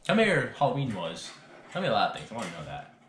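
Young man vlogging, lively voice. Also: on the low side, fast. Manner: rambling, swears a lot, laughs often. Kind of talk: casual vlog chat with friends. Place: indoors at home, bedroom. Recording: echoey room, faint noise.

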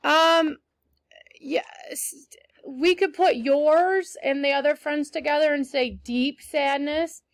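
A woman's voice: high voice, unhurried, hardly any pauses, no echo. A woman teacher reading a story aloud to children, stopping to ask questions and praise answers in an encouraging, emphatic way.

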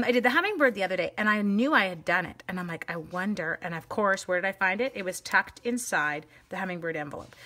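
A woman's voice: mid-range voice, a bit bright. A woman from Canada in her forties, chatting casually and bubbly as she demonstrates a craft project on a livestream and greets viewers. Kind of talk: casual livestream demo chat.

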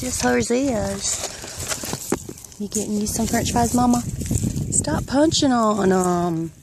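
A woman's voice: on the high side, slow, long pauses. A woman filming herself on a farm, cooing and baby-talking to animals in a sing-song voice. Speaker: vlogger. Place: outdoors on a rural farm. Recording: loud outdoor ambient noise. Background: animals and outdoor ambience.

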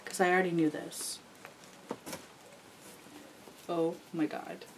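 A young woman vlogger gushing excitedly as she unboxes gifts, full of "like" fillers. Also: fairly low pitch, normal speed, vocal fry, a little hiss or hum, low-quality recording. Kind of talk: gift unboxing chat.

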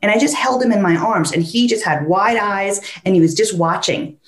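A woman dog trainer talks a listener through her methods, jumping into little voices for the dogs in her stories. She speaks at an ordinary middle pitch. Her voice comes with a noticeable roomy echo. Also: normal speed. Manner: animated storyteller who acts out the dog's thoughts in quoted voices. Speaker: dog trainer, podcast guest. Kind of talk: conversational interview, explaining with stories.

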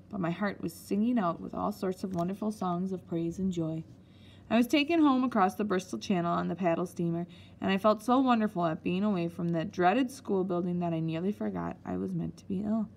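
A woman's voice: medium pitch, creaky, darkish tone. Woman reading a story aloud. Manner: unhurried reading with small slips. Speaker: audiobook reader. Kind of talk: storybook narration.

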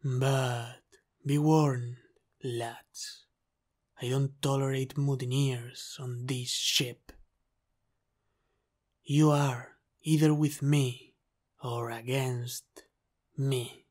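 A man's voice: medium pitch, flat delivery, darkish tone. A man voicing a commanding male pirate captain, stern yet protective, in an ASMR role-play. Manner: slow, measured, authoritative delivery.

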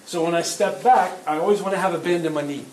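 A middle-aged man teaching a self-defense workshop, plain and practical, asking the class quick questions. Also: sits high, a little mellow. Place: event hall. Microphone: distant room mic. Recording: echoey hall from far off, faint noise.

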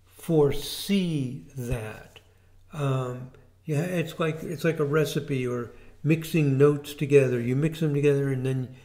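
Guy teaching astrology, slow and mellow, lots of ums, kinda higher voice. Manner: relaxed, unhurried explaining with fillers and repeats. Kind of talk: informal video lesson.

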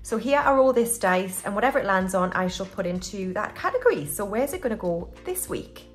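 British woman, casual budgeting chat, counting money aloud, soft music underneath. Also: mid-range voice, expressive, fairly quick. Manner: chatty, counts money aloud, self-talk. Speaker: budgeting channel host. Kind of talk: casual cash-stuffing commentary.

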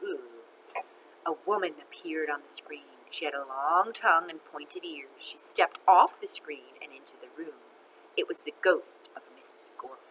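A woman reading a children's book aloud in an expressive, animated way. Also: deep voice, unhurried, a little hiss or hum, rough recording. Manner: expressive, animated, laughs between lines. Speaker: storyteller.

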